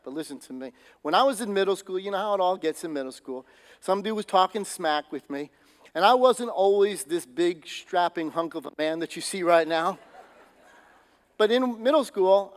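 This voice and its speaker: A pastor delivers his sermon in a casual, storytelling manner, his voice sitting noticeably high for a man. The sound rings out with the long tail of a big church hall. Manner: conversational storytelling, animated. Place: church sanctuary.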